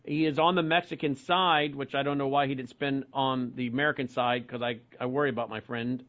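A man hosting a radio and television call-in talk show, briskly reading out web addresses and phone numbers. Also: mid-range voice, fairly even intonation, a bit bright. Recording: muffled broadcast audio.

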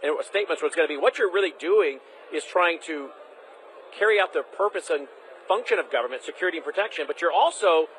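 A male host questions his guest in a rapid, insistent stream of words. His voice sits a little high for a man, and he repeats phrases to hammer his points. A faint background hum sits under the talk. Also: lively intonation, fairly bright tone, poor audio. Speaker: interview host. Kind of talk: political interview.

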